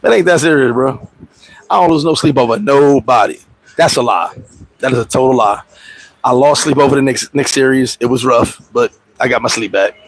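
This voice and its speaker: A man's voice: medium pitch, moderate pace, dry recording, poor audio. A man hosting a casual livestream, talking in loose street slang, laughing often and acting out little scenes in other voices. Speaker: expat vlogger and livestream host.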